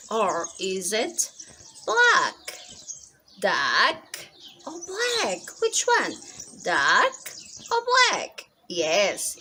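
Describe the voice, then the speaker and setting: Woman, English teacher, very slow, lively pitch, teacherly quizzing, faint hiss. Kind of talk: slow, sing-song spelling lesson for young children.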